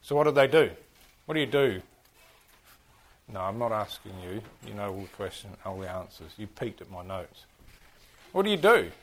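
A man with a New Zealand accent teaching a class, lively and full of questions to his listeners. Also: fairly low pitch, moderate pace, pauses often. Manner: animated, keeps firing questions at the class. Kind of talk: interactive history class on church history.

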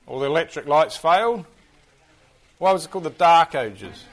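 A man with a New Zealand accent teaching a class, lively and full of questions to his listeners. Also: on the high side, moderate pace. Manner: animated, keeps firing questions at the class. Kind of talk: interactive history class on church history.

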